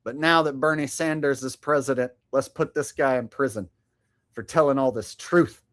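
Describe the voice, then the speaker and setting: A man's voice: medium pitch, moderate pace, a bit bright. A man hosting a show with casual, sardonic, profane commentary. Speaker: show host.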